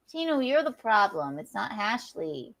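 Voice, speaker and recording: A woman's voice: medium pitch, dry recording, clean studio sound. Chatty woman livestream host. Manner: animated, laughing, many restarts. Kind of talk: casual livestream chat.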